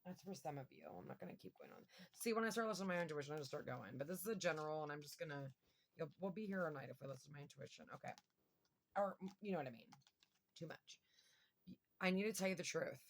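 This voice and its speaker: A woman's voice: sits low, quick pace, slight background noise. A woman giving a casual tarot reading to her viewers, chatty and thinking aloud with lots of fillers. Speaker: tarot reader.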